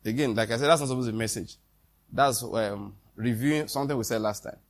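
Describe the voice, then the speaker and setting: A man's voice: medium pitch, fast talker. A man preaching a sermon in a conversational way, with quoted dialogue and questions to the congregation.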